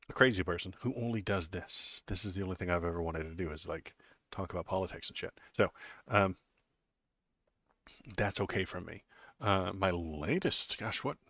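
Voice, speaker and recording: A man's voice: low-pitched, a bit bright, dry recording. A man hosting his own political live stream from home, chatting casually in a rambling, self-deprecating way with lots of fillers. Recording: dry, slightly dull lo-fi audio.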